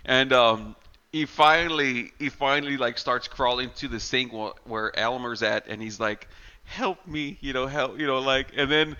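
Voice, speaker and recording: A man's voice: mid-range voice, normal speed, sharp tone, smooth, lo-fi sound. A man co-hosting a casual horror movie podcast, swearing freely and acting out scenes in silly voices. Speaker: podcast co-host.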